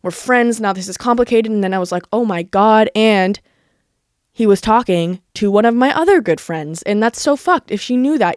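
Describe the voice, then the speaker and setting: A woman's voice: mid-range voice, no room sound, clean studio sound. A young woman in her twenties hosting a podcast, telling a personal story in a rambling, candid way, full of "like" and casual swearing. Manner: fast, filler-heavy talk with lots of "like" and swearing. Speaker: podcast host.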